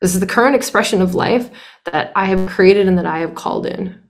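This young adult woman's workshop teaching is passionate and blunt, peppered with profanity and repeated lines. She talks fairly quickly at a medium pitch, with noticeable vocal fry.

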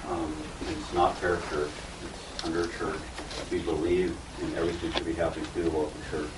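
A man on a workshop panel answering a question in a brisk, matter-of-fact way. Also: low voice. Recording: roomy, distant, heavy noise.

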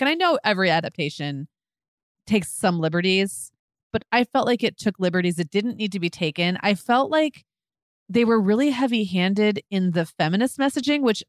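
A woman co-hosting a podcast, mid-pitched and talking in a relaxed, chatty way. She gives blunt, emphatic opinions and often slips into acting out what she was thinking. Her voice is close and dry, with no room sound around it. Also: brisk, no echo. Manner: candid, emphatic opinions with quoted inner thoughts. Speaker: podcast co-host. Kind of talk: casual chat.

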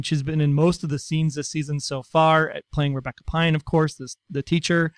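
A man's voice: fairly high pitch, smooth, dry recording, clean studio sound. A man co-hosting a casual talk show, reading listener messages with a wry delivery. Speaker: podcast co-host. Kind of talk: casual chat.

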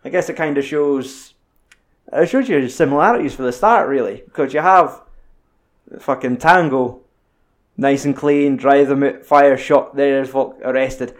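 A man's voice: mid-range voice, measured pace. Sweary Scottish man chatting films. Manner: sweary, animated, acts out film quotes. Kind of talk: casual film chat.

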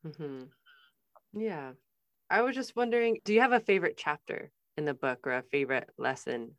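A woman interviewing a guest, gentle and responsive, sharing a bit of her own family. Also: low-pitched, expressive, moderate pace, no room sound. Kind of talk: interview conversation.

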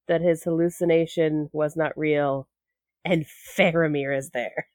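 A woman's voice: deep voice, steady tone, a little slow, a little mellow, no room sound, studio quality. A woman guest on a podcast, chatting casually and plainly. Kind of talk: casual chat.

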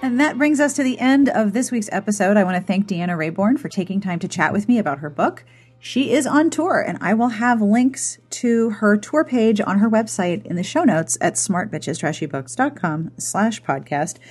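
Breathy chatty woman host, playful. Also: fairly high pitch, expressive, moderate pace, darkish tone, soft background music. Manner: chatty and playful, giggles at her own jokes. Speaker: podcast host. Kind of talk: casual podcast outro.

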